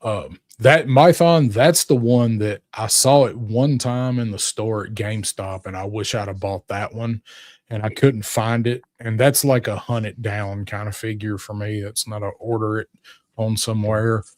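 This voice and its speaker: A man's voice: lowish voice, fairly even intonation, normal speed, darkish tone, no echo, clean studio sound. A man co-hosting a casual toy show podcast, talking in a loose, rambling way with frequent restarts and fillers. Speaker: co-host.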